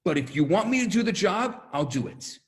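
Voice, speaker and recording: A man playing Moses, who pleads earnestly with God and swings from low and humble to loud and resolved. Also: sing-song, a little fast. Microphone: video call.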